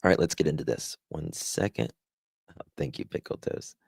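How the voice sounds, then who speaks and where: A man's voice: a bass voice, expressive, moderate pace, vocal fry, a little mellow, breathy edge, dry recording, clean studio sound. A man with a Southern accent hosting a casual live stream, rambling as he reads the chat aloud and thanks viewers. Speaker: livestream host.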